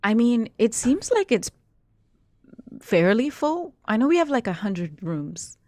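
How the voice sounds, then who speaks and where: A woman's voice: fairly high pitch, big pitch swings, unhurried, darkish tone, no room sound, studio quality. A woman game master narrating a tabletop horror game in a chatty, descriptive way with plenty of fillers.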